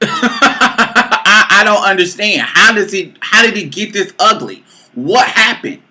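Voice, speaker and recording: A woman in her late twenties telling a personal story to camera, bluntly and with heavy profanity, swinging between loud outbursts and low mutters. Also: animated, takes it slowly. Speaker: vlogger. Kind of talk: storytime monologue.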